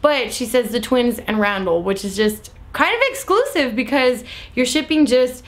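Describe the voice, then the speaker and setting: Young woman vlogging a show recap, kinda high voice, says "like" a lot, super animated. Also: normal speed. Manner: animated, lots of "like" fillers, acts out quotes. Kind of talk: casual chatty recap.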